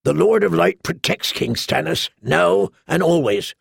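A man's voice: a little high, expressive, measured pace, gravelly, breathy edge, dry recording, clean studio sound, pitched above the performer's own voice, full character voice. A man voicing a defiant young knight who threatens the king in a solemn tone. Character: zealous male bastard knight, defiant.

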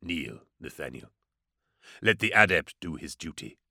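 A man voicing an ancient, solemn male psyker regent who speaks slowly and gravely in an audiobook. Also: very deep voice, sing-song, sharp tone, dry recording, clean studio sound, voice pushed down, full character voice. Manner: slow, grave, intoning. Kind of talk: audiobook character voice.

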